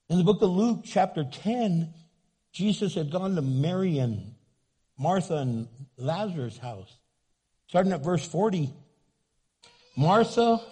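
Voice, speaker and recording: Older pastor, husky voice pitched high, jokey and animated preaching. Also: male voice. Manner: animated, humorous, acts out voices in quotes. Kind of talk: sermon.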